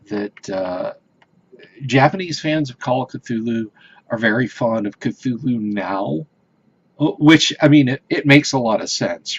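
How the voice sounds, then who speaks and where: A man's voice: fairly low pitch, slightly rough. A man hosting a casual livestream, chatting with viewers in a rambling, hesitant way with many fillers and restarts. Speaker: livestream host. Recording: dull lo-fi stream audio.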